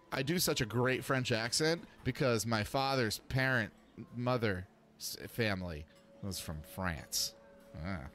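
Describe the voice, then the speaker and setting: A man's voice: mid-range voice, slow pace, pauses often, a bit bright, faint music behind. A man hosting a casual gameplay video, thinking aloud with rambling asides. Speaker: let's play host.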